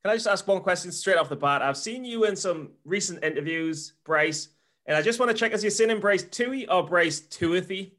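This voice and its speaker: A man co-hosting a podcast who jokes and fires off quick questions in casual chat. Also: sits high. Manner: joking, animated, quick questions. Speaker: podcast co-host.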